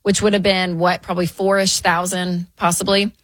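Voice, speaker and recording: A woman co-hosts a call-in advice show in a lower, dry studio voice. She talks in a plain, encouraging way. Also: little pitch movement, moderate pace, fairly bright tone, no room sound. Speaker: radio show co-host.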